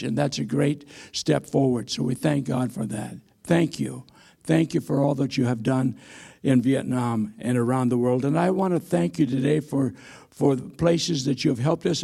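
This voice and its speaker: A man's voice: medium pitch, creaky, mellow, slightly rough. A man in his eighties, a missionary preacher, giving a sermon in a church with folksy, self-deprecating stories and frequent hesitations. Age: 80s. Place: church sanctuary.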